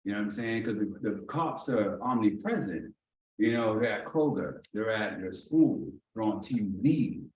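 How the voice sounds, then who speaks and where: A man telling a personal story during a training talk, casual and animated, often acting out the lines of the people in it. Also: fairly low pitch, moderate pace. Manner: animated, acts out dialogue, often asks "you know what I'm saying". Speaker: executive director leading a training. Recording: roomy echo, mic at a distance, faint noise.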